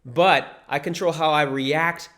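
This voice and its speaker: Casual, emphatic man with a higher voice. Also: steady tone, slow, fairly bright tone. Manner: casual, emphatic, swears freely, mocks views in put-on voices. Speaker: vlogger. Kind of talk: unscripted vlog monologue.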